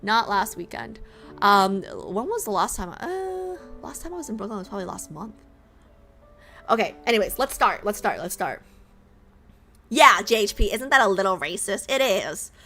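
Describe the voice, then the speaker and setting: Lively, bright-voiced woman streamer, chatty. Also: mid-range voice, normal speed, soft background music. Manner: chatty, repeats phrases, self-mocking. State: slightly raspy voice. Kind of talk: casual chat with viewers.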